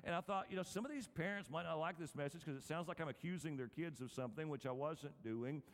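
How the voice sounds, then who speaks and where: Folksy Southern preacher in a big hall. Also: male voice, fairly high pitch, quick pace. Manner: folksy storytelling, chuckles at his own anecdotes. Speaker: pastor. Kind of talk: sermon. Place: church or large hall with an audience. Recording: long hall reverb.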